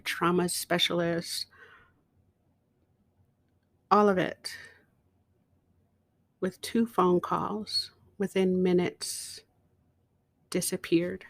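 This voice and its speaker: A middle-aged woman speaks slowly and reflectively with a gravelly, low-set voice. She sometimes sinks into a near whisper. The recording is close and dry, with no room sound. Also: no room sound. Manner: slow, reflective storytelling, dropping to a whisper at times. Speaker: podcast host. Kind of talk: personal testimony.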